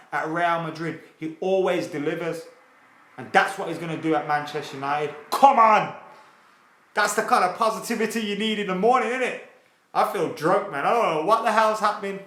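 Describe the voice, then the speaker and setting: A man hosting a casual football fan live stream, excitable and sweary as he reads viewer comments aloud. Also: a little high. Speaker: football fan channel host. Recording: roomy echo.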